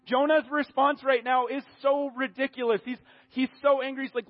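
High-voiced man preaching a casual sermon. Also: fairly quick, few pauses, muffled recording. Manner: conversational, animated, with many restarts.

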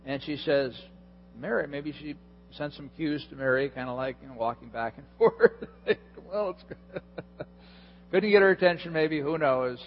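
Man preaching, slow and chatty, a bit high, lo-fi dull recording. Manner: conversational, chuckling, asks the audience questions. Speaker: pastor. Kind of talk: sermon. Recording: dull lo-fi in a reverberant hall with hum.

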